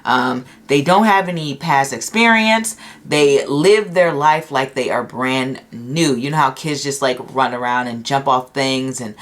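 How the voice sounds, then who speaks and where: Low-voiced chatty woman reading tarot. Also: unhurried, few pauses. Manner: chatty and upbeat, many ums and laughs. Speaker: tarot reader. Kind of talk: casual pick-a-card tarot reading.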